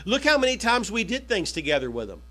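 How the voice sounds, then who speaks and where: A male pastor preaching a sermon in a conversational style, swinging from emphatic high peaks down to quiet asides. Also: very animated, fast talker. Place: church hall.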